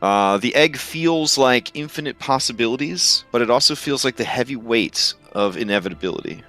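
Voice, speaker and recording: A man narrating as game master of a tabletop game, with a relaxed, hesitant delivery full of fillers. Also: mid-range voice, normal speed. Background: faint music.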